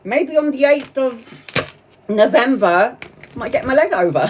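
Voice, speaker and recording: A woman's voice: a little high, lively intonation, takes it slowly, long pauses, darkish tone, a little hiss or hum. A woman giving a casual live-stream tarot reading. She chats freely, swears and laughs often. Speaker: tarot reader.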